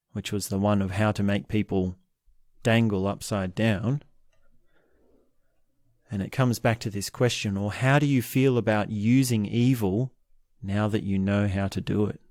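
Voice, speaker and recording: Male podcast host, low-pitched, unhurried, reflective book commentary, dry close sound. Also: darkish tone, no echo. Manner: slow, reflective, halting with restarts.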